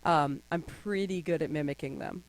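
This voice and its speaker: A woman's voice: low voice, moderate pace, dry recording. A young adult woman as a podcast guest, telling stories in casual chat and slipping into voices now and then. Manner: animated storyteller, slips into voices.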